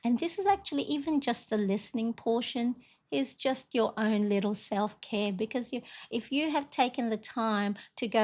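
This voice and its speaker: A middle-aged woman with a slightly high voice chats through a live stream. She rambles and encourages, dropping "um" and "you know" as she goes. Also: normal speed. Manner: chatty, rambling, warm encouragement with frequent fillers. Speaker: livestream host. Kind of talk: casual live stream chat.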